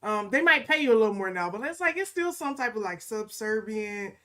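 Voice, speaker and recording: A woman's voice: fairly high pitch, very animated, fast, pushed and bright. A woman co-hosting a podcast in casual, emphatic conversation, often punctuating her points with "okay?" and slipping into mocking quoted asides. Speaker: podcast co-host.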